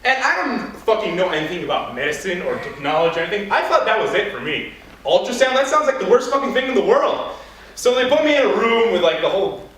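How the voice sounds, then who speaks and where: A man's voice: sits high, fairly bright tone. A young man performing a crude, rambling stand-up set and laughing at his own jokes, recorded from far off in a large echoey room. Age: young adult. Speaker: stand-up comedian. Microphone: far from the mic. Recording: echoey room, distant mic, noisy.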